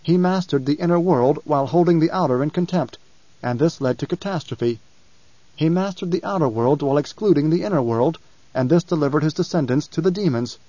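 A man voicing a young god-emperor, calm and imperious, speaking in a measured, commanding way. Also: on the high side, dry recording, dull audio, close to an everyday voice. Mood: cryptic.

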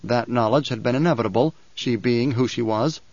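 In an echo-free, dry and slightly dull recording, a male audiobook narrator reads a novel aloud. His medium-pitched voice follows the script in an even, measured storytelling manner.

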